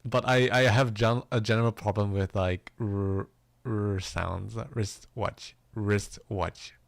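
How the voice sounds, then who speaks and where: Gravelly-voiced playful male streamer. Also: lowish voice, flat delivery, measured pace, no echo. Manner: playful, self-mocking, laughs often. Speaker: livestreaming musician. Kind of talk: casual chat with stream viewers.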